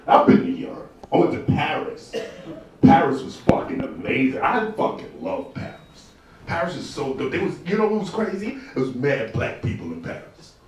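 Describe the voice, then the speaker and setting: A man's voice: a little high, normal speed, faint music behind. A man from New doing profane stand-up comedy on a club stage. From New York. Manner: animated, profane, bursts into mock shouting. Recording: echoey club from far off, crowd.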